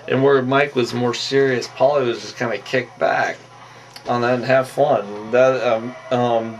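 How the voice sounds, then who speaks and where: A man's voice: medium pitch, rough recording. A man giving a casual, rambling recap of a TV episode, with a habit of saying "on that" and frequent chuckles. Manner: rambling, repeats the tic "on that", chuckles often. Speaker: recap host.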